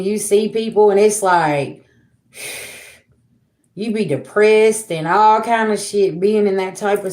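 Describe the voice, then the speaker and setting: A woman's voice: medium pitch, darkish tone. A woman in her forties talking casually on a livestream, blunt and emphatic, swearing freely and speaking straight to her viewers. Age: 40s. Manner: addresses viewers directly. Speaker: psychic livestreamer.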